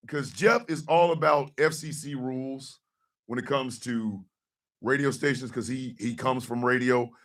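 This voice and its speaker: A man hosting a radio show, joking loudly with profane rants, mock outrage and sudden shouted lines. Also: on the high side, recorded from a distance. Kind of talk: loud comedic live-stream banter.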